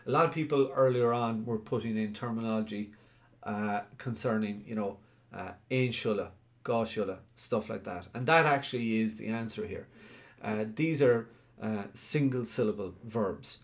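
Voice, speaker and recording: A man's voice: mid-range voice, normal speed. Irish man teaching a live class. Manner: explains step by step, asks the class questions; answers chat questions by name. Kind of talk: live online grammar lesson.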